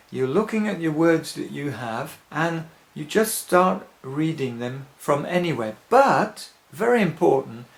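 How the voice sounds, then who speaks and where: A man teaching songwriting rhythm, explaining slowly and patiently, step by step. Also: a little high, gravelly. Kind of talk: recorded teaching demonstration. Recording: echoey room.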